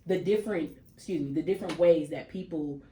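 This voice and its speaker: A woman hosting a casual podcast chat, animated and repeating phrases for emphasis. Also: low voice, fairly quick. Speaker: podcast host. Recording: echoey room with faint noise.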